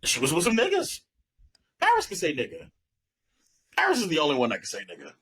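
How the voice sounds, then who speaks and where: A young man co-hosting a podcast, chatting casually and telling stories loudly with lots of laughter. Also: high-pitched, fast, breathy edge, rough recording. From New York. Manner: loud animated storytelling, lots of laughing. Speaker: podcast co-host. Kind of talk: casual chat.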